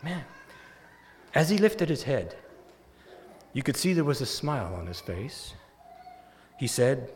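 Animated male preacher in a reverberant hall. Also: fairly high pitch, a little slow, long pauses. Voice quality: animated, building to loud emphatic peaks. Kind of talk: sermon.

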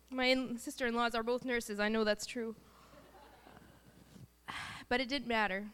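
Bright, clear-voiced woman. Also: fairly high pitch, steady tone, unhurried, long pauses. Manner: earnest, emotional storytelling. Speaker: mother sharing her family's story. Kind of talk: personal faith testimony talk.

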